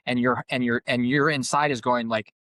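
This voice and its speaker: A man's voice: medium pitch, fairly even intonation, normal speed, a bit bright, dry recording. A man speaks as a coach in a reflective podcast conversation. He is earnest and often repeats a word while he finds his thought. His voice sits in the middle range and sounds dry and close to the mic. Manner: earnest, repeats words as he searches for them. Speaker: coach and group facilitator.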